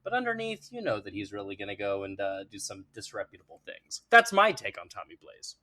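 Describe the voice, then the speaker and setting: A man's voice: on the low side, wildly swooping pitch, brisk, pushed and bright. A man arguing the defense on a podcast in a playful, mock-lawyerly, grandiose way. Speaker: defense in a mock movie trial. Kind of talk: casual podcast debate.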